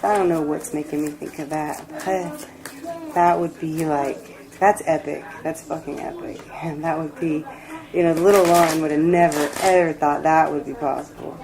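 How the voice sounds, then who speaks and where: A woman giving a personal tarot reading, reflective and emotional, rambling with pauses. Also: deep voice, fairly even intonation, crowd noise, rough recording. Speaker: tarot reader.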